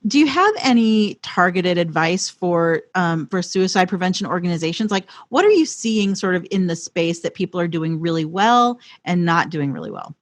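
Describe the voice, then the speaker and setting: A woman with a low voice hosts an interview and asks measured, thoughtful questions. Her sound is close and dry. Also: expressive, no room sound. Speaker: podcast host. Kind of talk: conversational interview.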